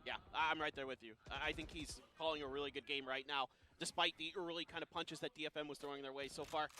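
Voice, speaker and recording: Fast-talking male esports color commentator. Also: a little high, fairly even intonation, sharp tone. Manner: analytical, quick and chatty with fillers. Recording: live crowd noise behind.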